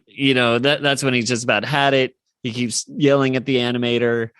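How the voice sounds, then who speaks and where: A man's voice: medium pitch, level tone, brisk, a bit bright, smooth, no echo. A man co-hosting a podcast, recapping a cartoon episode in a rambling, casual way. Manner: rambling recap, with frequent fillers and laughs. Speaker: podcast co-host.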